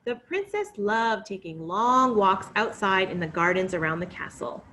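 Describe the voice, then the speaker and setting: A woman's voice: medium pitch, normal speed, slight background noise. Sing-song woman reading a story to kids. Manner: expressive, coaxing, sing-song. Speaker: children's storyteller. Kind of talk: interactive read-aloud for children.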